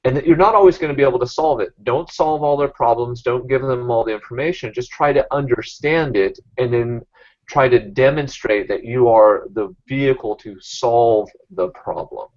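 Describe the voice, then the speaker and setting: A man's voice: mid-range voice, normal speed, a little mellow. Man coaching a sales team, lo-fi. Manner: coaching, many fillers and restarts. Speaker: real estate trainer. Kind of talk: team sales training talk.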